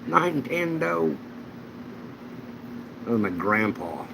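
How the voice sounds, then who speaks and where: A man's voice: mid-range voice, moderate pace, noisy background. A man hosting a casual livestream chat, telling rambling anecdotes. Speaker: channel host.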